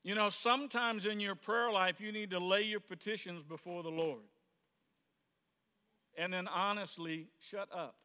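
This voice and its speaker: Bright-voiced preacher in an echoing hall. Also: male voice, high voice, steady tone, measured pace, clear, resonant tone. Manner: conversational, plays out quoted voices, rises to sudden shouts. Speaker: pastor. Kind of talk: sermon. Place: church sanctuary.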